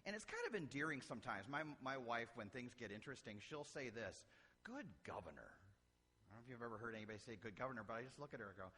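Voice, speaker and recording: A man's voice: mid-range voice, lively intonation, racing, sharp tone. A middle-aged man from Illinois, a pastor preaching a sermon with folksy, humorous stories. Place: church sanctuary. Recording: church hall reverb.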